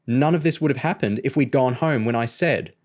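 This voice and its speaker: A man's voice: a little high, fast talker, darkish tone, pitched above the performer's own voice, close to an everyday voice. Male narrator voicing a teen girl, raised and prim. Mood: indignant. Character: teenage girl, fussy and indignant.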